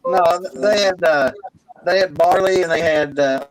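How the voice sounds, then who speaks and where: A man's voice: a little high, unhurried, noisy background. A man in casual podcast chat, skeptical and hesitant, his audio breaking up. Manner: skeptical, hesitant, full of fillers. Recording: breaking-up mic with chatter behind.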